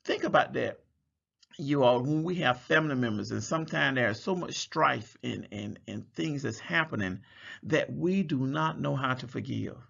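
A man's voice: mid-range voice, expressive, moderate pace, gravelly, a bit bright, slightly rough, lo-fi sound. A man preaching a Bible study sermon, reading scripture aloud and explaining it, drawing out words for emphasis.

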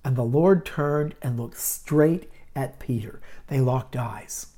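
A man teaching on a podcast, retelling a Bible story dramatically, swinging from loud stresses to hushed asides. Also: mid-range voice, slow pace.

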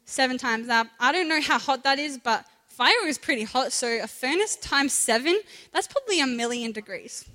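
Young woman, youth speaker, high-pitched and chatty, caught in a reverberant hall. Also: normal speed, hardly any pauses. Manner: chatty, animated, acts out voices. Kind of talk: casual youth talk on scripture. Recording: echoey hall.

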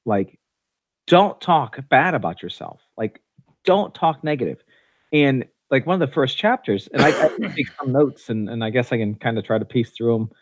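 A medium-pitched man co-hosts a casual podcast chat, rambling with many fillers and restarts. The recording is dry.

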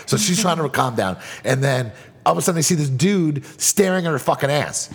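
Fast-talking, husky-voiced man. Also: fairly high pitch, in a large hall. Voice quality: fast, profane, rambling. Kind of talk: casual storytelling.

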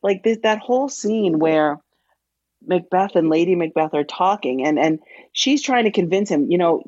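A middle-aged woman with a fairly low voice, once an English teacher, talking as a podcast guest. She explains like she is still in front of a class, blunt and emphatic, and swears freely. Her audio is dry and a little muffled, like a remote call. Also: animated, moderate pace, a little mellow, no room sound. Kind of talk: casual podcast chat.

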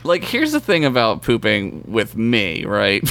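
Podcast co-host, male, gravelly voice, lively pitch, crude casual banter. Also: slow, no room sound. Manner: profane, emphatic, lively.

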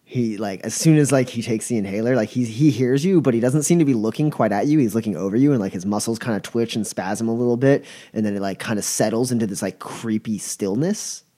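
A man's voice: medium pitch, quick pace, hardly any pauses, warm tone. A young man narrating a tabletop game as game master, rambling with lots of fillers. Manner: rambling with many fillers, chuckling.

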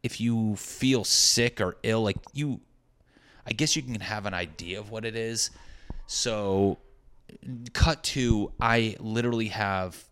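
A man's voice: fairly low pitch, a bit bright, clear, resonant tone. A young man, a stand-up comedian, telling a rambling, profane, self-deprecating story in casual chat.

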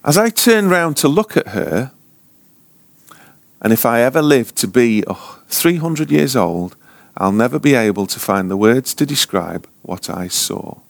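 A man preaching at a ministry school, telling a story slowly and dramatically, often sinking to a hushed near-whisper. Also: mid-range voice, very animated, creaky, dry recording. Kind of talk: sermon storytelling.

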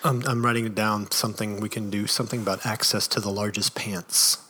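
A man with a reedy voice co-hosting a podcast, telling stories in a wry, animated way. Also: on the low side, brisk, husky. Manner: wry, animated storytelling with frequent laughs. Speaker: podcast co-host. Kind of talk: casual chat.

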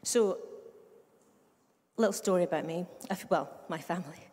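Speaking at a moderate pace in a fairly low, slightly mellow voice, a middle-aged woman with a Scottish accent preaches a chatty sermon. As a pastor she tells funny stories and drops humorous asides, all echoing with the long reverb of a big room.

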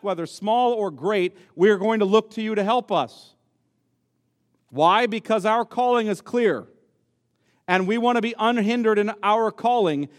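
A man preaching a sermon as pastor, emphatic and repeating key words for stress. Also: sits high. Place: church sanctuary. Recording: long reverb of a church hall.

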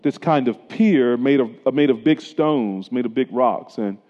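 A man's voice: medium pitch, normal speed. A middle-aged man preaching a sermon as a pastor, in a conversational style that weaves in personal stories. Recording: dull lo-fi sound with long hall reverb.

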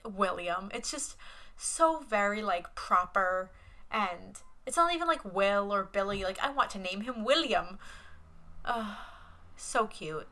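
A woman's voice: medium pitch, animated, a little slow, sharp tone. A young woman co-hosting a casual movie podcast, rambling with lots of fillers and gushing about what she loved. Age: young adult. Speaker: podcast co-host.

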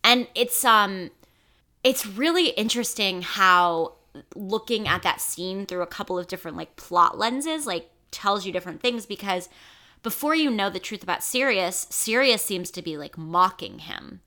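A woman co-hosting a podcast in casual chat, talking fast and loosely with lots of fillers. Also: mid-range voice, animated, pushed and bright. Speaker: podcast host.

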